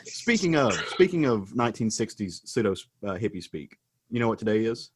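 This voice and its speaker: A low-voiced man teasing his co-hosts in a podcast chat, wry and quick to laugh. A clear hiss runs under the recording. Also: sing-song. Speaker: podcast co-host. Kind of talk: casual chat.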